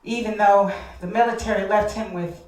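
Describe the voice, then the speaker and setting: A woman's voice: medium pitch, fairly even intonation, normal speed, a little mellow. A woman telling a heartfelt personal story on a live stage, speaking directly to the audience. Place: stage in a hall. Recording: echoey hall, distant mic.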